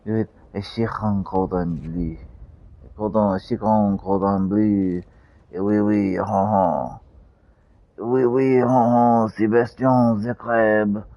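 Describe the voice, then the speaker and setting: A man's voice: deep voice, fairly even intonation, measured pace, dry recording, pitched above the performer's own voice. A man putting on a teasing, exaggerated French voice with a singsong cackle, in a lo-fi recording. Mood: mocking.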